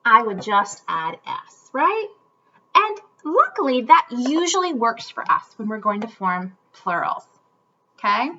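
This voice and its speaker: A woman teaching a children's phonics lesson, speaking upbeat and clearly enunciated, in a slightly muffled home video recording. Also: a little high, very animated, unhurried, sharp tone, a little hiss or hum.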